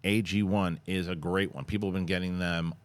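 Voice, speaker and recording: Casting note: deep-voiced male podcast host, animated storyteller, laughs a lot. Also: brisk. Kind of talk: casual chat and sponsor read.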